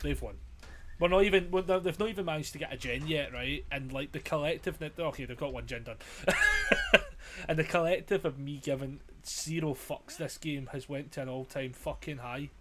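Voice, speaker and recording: Guy gaming and moaning about his aim, swears every other word, throat sounds frazzled, faint hum behind. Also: on the high side. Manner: exasperated, swears constantly, self-mocking. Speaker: gamer streamer. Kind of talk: casual gameplay commentary.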